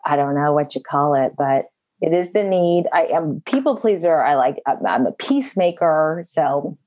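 A woman's voice: low voice, animated, normal speed, a little mellow. A woman talking openly about her daughter's disappointments during a coaching session, thinking aloud and laughing at herself. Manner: open, self-reflective, laughs easily. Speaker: coaching client and mother.

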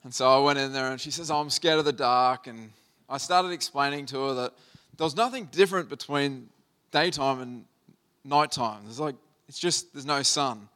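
A man in his thirties preaches in a relaxed, storytelling manner, his voice smooth and resonant. He sits at a mid pitch and speaks earnestly, as if chatting with his congregation. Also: moderate pace. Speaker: pastor. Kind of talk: sermon with a personal story.

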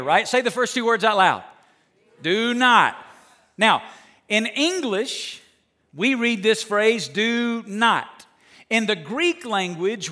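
Male preacher, higher register, bright edge; dynamic sermon delivery, loud to hushed. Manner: joking asides with the congregation. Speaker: pastor.

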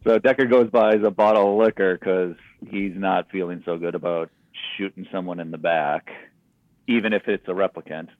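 A man co-hosting a podcast, casually recapping a movie's plot in a relaxed, storytelling way. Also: sits low, normal speed, dry recording. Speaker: podcast co-host. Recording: dry, phone-like sound.

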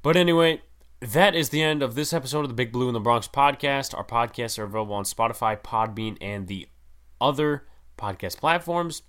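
A young man hosting a solo sports podcast, talking in an animated, emphatic and rambling way with lots of fillers. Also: medium pitch, a little fast. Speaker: podcast host.

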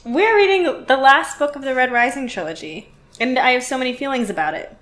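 A woman from Pittsburgh co-hosting a podcast in a light, fairly high voice. She chats casually with bubbly enthusiasm and giggles between her thoughts. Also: lively intonation, brisk, a bit bright. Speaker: podcast co-host. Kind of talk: casual chat.

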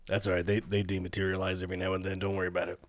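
A man's voice: sits low, monotone, racing, dry recording. A man joking dryly while playing a tabletop horror game. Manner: dry, joking. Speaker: player. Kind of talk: casual tabletop game banter.

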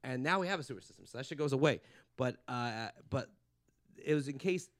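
A man's voice: mid-range voice, lively intonation, a little fast, fairly bright tone. A man from Los Angeles, a comedian hosting a casual podcast chat, telling profane ranting stories and slipping into mocking voices.

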